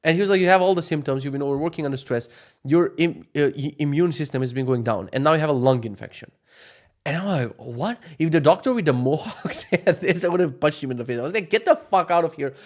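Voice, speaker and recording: A young man telling a story in a casual vlog, animated and profane, acting out what others said in shifting voices. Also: fairly high pitch, fast. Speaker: vlogger.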